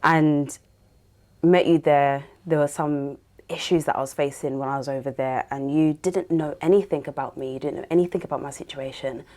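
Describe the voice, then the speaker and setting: Lively woman hosting a podcast. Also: low voice, moderate pace. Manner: animated, laughing storyteller. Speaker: podcast host. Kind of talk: casual interview chat.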